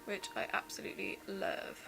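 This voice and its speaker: A twenty-something beauty vlogger narrates a casual makeup tutorial, chatting enthusiastically through each step. Her mid-range voice is gravelly, with a flat delivery at a normal speed. Music plays in the background, and the audio quality is poor.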